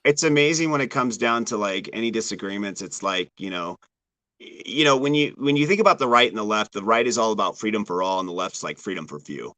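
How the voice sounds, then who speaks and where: Blunt, bright-voiced man ranting. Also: fairly low pitch, expressive, fast, no echo. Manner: blunt, opinionated, rambling with many restarts. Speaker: podcast guest. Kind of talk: casual political chat.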